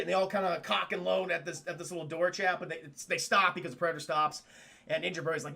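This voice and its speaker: Racing through an animated spoiler recap of a film, this man speaks fast in a high, bright voice underlaid by gravelly fry. He's excitable and foul-mouthed with his live chat, laughing frequently and quoting the characters in their voices.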